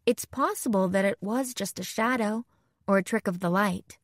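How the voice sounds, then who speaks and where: A woman reading a first-person audiobook in a measured, clear storytelling manner. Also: mid-range voice, no echo, clean studio sound. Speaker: audiobook narrator.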